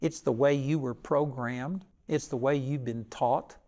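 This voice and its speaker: A man's voice: mid-range voice, steady tone, measured pace, warm tone. An older man preaching a sermon with folksy stories and a plain, conversational delivery.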